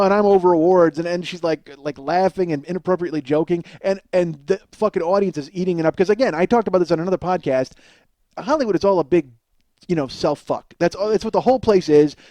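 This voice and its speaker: A man's voice: fairly high pitch, dark tone, no echo. A man hosting a podcast, telling a comic story in a profane, exasperated ranting way. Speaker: podcast host. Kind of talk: comedic storytelling monologue.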